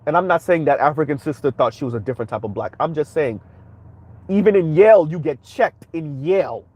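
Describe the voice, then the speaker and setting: A man's voice: on the high side, animated, quick pace, a little mellow, slightly rough. A man hosting a commentary stream, reacting bluntly and heatedly while speaking straight to his viewers. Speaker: commentary channel host.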